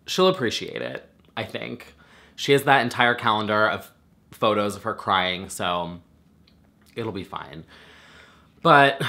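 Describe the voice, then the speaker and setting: Male vlogger, lowish bright voice, loose and chatty, swears freely. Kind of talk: casual reaction rant.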